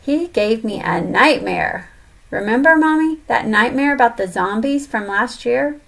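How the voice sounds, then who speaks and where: A woman's voice: a little high, animated, unhurried, vocal fry, a bit bright, full character voice. A woman voicing a whiny, blunt young boy in a storybook reading.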